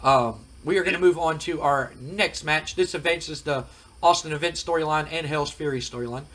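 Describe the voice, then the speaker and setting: A man's voice: on the high side, normal speed, a bit bright. A man hosting a casual gaming commentary, chatty and rambling with frequent fillers. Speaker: host.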